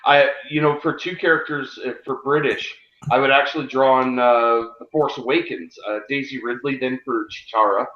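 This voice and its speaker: A man co-hosting a casual podcast, animated and acting out quoted lines. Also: mid-range voice, moderate pace. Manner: animated, acts out quotes, laughs. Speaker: podcast co-host. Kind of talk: casual chat on a live stream. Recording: echoey, dull lo-fi mic.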